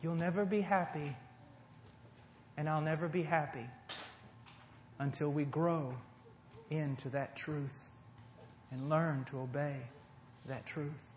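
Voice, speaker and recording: A high-voiced middle-aged American man delivers a fervent sermon. His voice rings through an echoey hall, swelling into forceful emphasis and then falling to soft, earnest pleading. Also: fairly even intonation, takes it slowly, long pauses, slight background noise. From United States. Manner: impassioned preaching, swinging between loud emphasis and hushed tenderness. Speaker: preacher. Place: church service before a congregation.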